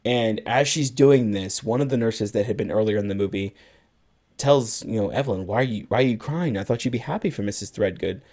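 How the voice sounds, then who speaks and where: A man's voice: on the low side, fairly quick, a little mellow. A man co-hosting a podcast, retelling a film's plot at length and acting out bits of its dialogue in casual chat. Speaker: podcast co-host. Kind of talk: casual movie recap chat.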